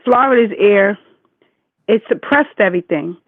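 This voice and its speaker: A woman's voice: medium pitch, animated, normal speed, no room sound. A woman in her forties speaks over a tinny phone line, emphatic and reassuring. She repeats her words for stress. The sound is dry, with no room around it. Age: 40s. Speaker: caller. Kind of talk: casual consoling chat. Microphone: phone call.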